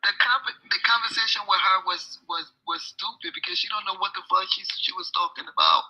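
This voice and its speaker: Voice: medium pitch, a little fast, sharp tone, husky. A caller joining a live stream, talking casually in slang, swearing often and restarting words. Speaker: call-in guest. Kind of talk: casual chat. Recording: lo-fi phone audio.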